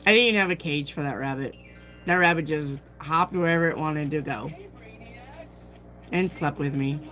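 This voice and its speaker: A woman's voice: deep voice, moderate pace, sharp tone, rough recording. A woman hosting a tarot livestream, chatting casually, telling a personal story and answering viewer comments. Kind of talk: casual chat with live chat.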